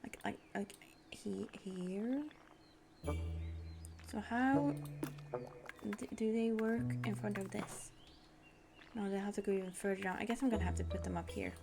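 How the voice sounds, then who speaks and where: A woman's voice: medium pitch, very animated, moderate pace, pauses often. Bubbly young woman streamer narrating her game, giggly and chatty, music playing behind. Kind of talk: casual gameplay chat. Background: background music.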